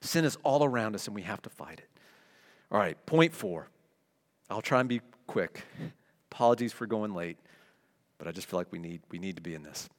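A man's voice: on the low side, animated, normal speed, long pauses. A middle-aged man preaching a sermon to his church, moving from conversational asides to emphatic declarations. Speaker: pastor. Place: church sanctuary. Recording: long hall reverb.

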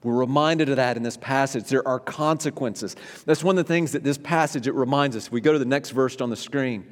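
A male pastor delivers a sermon in an animated way, his voice climbing and falling to stress his points. His voice carries through a large room with a long, lingering reverb. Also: medium pitch, brisk. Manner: animated, voice rising and dropping for emphasis. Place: church sanctuary.

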